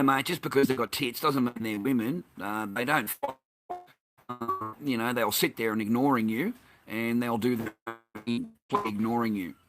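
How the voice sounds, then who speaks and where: An Australian man pours out a rambling, heated monologue, swearing constantly. His voice is bright and pushes forward. He sits in a middle register and keeps circling back to his grievance. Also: medium pitch. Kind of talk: profane ranting monologue.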